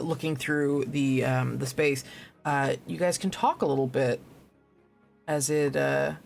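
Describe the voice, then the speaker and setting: A woman narrating as dungeon master in a casual online game, talking with many pauses and fillers. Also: low-pitched, vocal fry. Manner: halting, lots of fillers, laughs often.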